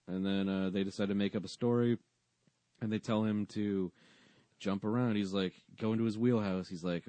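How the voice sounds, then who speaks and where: Deep-voiced podcast guy, dark tone, snarky, recapping a tv show. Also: fairly even intonation, normal speed, no echo. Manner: dry, sarcastic, mocking. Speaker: podcast co-host. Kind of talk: casual chat recapping a sitcom episode.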